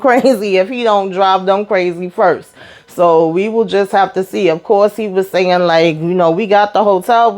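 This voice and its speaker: A woman giving a casual reality-show recap on her own channel, talking straight into the mic. She is animated and swears freely, and her voice sits in a middle pitch for a woman. She keeps jumping into quick impressions of the people she is describing.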